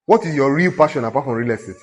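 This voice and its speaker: Nigerian pastor preaching with lively exhortation. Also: male voice, medium pitch, rapid-fire. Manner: exhorting, conversational, teasing the congregation. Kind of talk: sermon.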